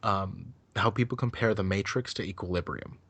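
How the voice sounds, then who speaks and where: A man's voice: low-pitched, moderate pace, creaky, a bit bright, breathy edge, no room sound. A man chatting casually on a podcast, rambling loosely and swearing freely as he gives his take on a film. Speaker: podcast co-host. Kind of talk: casual chat.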